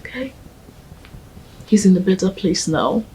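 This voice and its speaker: An actress playing a gentle young woman who tenderly coaxes her grieving partner, often speaking in a hush. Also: medium pitch, lively intonation, unhurried, slight background noise, natural voice, poor audio. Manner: tender and coaxing, often hushed. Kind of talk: film drama acting.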